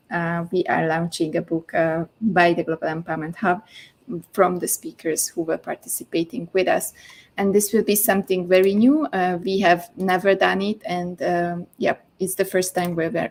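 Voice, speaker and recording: A woman hosting a summit, talking in an upbeat promotional way with frequent pauses. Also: lowish voice, darkish tone. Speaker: summit host. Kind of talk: promotional host talk.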